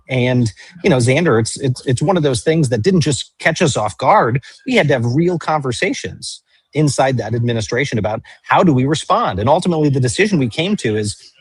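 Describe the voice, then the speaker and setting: A man's voice: medium pitch, breathy edge, no room sound. A man hosting a political commentary show, talking in a storytelling way with frequent stammered restarts. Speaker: show host.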